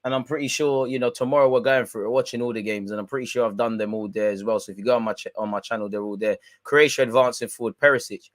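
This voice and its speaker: Excitable slangy man commentating. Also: medium pitch, quick pace, hardly any pauses, no room sound. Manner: excitable, slangy, chatty with viewers. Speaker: watch-along host. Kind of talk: live football watch-along commentary.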